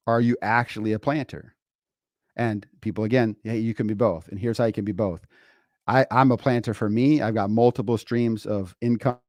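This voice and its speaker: Low-voiced man coaching a podcast. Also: darkish tone, dry recording, studio quality. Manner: conversational and preachy, lots of fillers and rhetorical questions. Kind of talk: motivational podcast talk.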